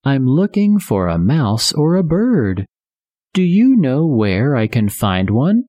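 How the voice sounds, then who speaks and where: A reader doing a sly, hungry tomcat from a storybook who sweet-talks his way to the door. The voice is lifted higher than a plain reading, and the words come slowly. The sound is close and dry. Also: very animated, dark tone, no room sound. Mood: eager. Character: hungry scheming male cat posing as doctor.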